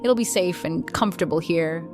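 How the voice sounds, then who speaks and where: A woman voicing a calm, gentle mother who tends hurt creatures, speaking softly and patiently in a bedtime story reading. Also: fairly low pitch, moderate pace, music in the background, natural voice. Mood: reassuring. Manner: soft, reassuring, patient.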